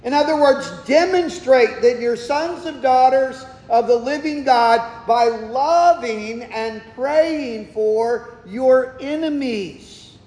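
High-voiced man preaching in echoing hall. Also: darkish tone. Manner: emphatic preaching, slowing for stress, asking and answering questions. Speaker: pastor. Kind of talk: sermon. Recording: echoey hall, long reverb.

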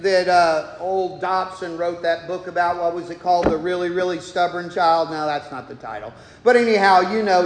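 A man preaching a sermon in a folksy, joking way, acting out the people he quotes. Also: sits high. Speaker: pastor. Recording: echoey hall with long reverb.

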